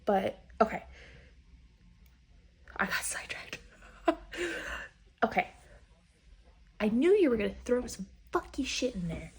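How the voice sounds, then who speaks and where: A woman chatting casually in a reading vlog, full of fillers, swearing and sudden excited outbursts. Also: a little high, unhurried, long pauses, breathy edge. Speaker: book vlogger.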